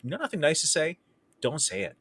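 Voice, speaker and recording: Bright, emphatic male podcast host. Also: a little high, wildly swooping pitch, fast talker, slight background noise. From Canada. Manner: emphatic, repeats phrases. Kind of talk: casual interview chat.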